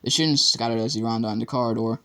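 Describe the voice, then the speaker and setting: A man narrating an audiobook chapter in a measured, dramatic reading. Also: medium pitch, fairly even intonation, a bit bright, clean tone.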